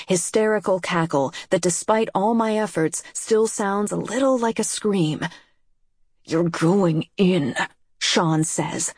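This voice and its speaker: A woman narrating a first-person memoir audiobook in a measured, sober, unhurried way. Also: on the low side, breathy edge, no echo, clean studio sound.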